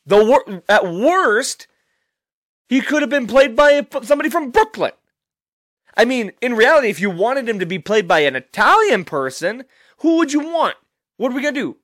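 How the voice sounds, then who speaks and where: Animated ranting male podcast host. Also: high voice, dry recording, clean studio sound. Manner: animated, swears freely, talks himself into outrage. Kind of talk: casual podcast rant.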